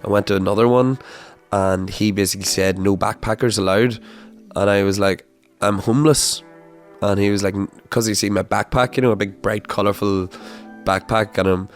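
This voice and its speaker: A man's voice: fairly low pitch, steady tone, brisk, soft background music. A young man hosting a podcast, telling a personal story in a casual, rambling way, full of fillers, restarts and swearing. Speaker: podcast host.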